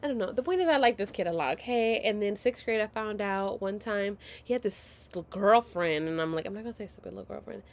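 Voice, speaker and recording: A woman's voice: mid-range voice, animated, brisk, few pauses. A woman in her thirties telling a story to her viewers at home in a casual, dramatic and profane way, often dropping to a whisper. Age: 30s.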